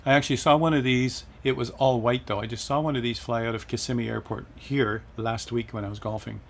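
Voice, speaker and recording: A man's voice: mid-range voice, steady tone, brisk, vocal fry, a little hiss or hum. A middle-aged man hosting a casual flight-sim livestream, chatting and reading viewer comments aloud with frequent laughs. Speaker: livestream host.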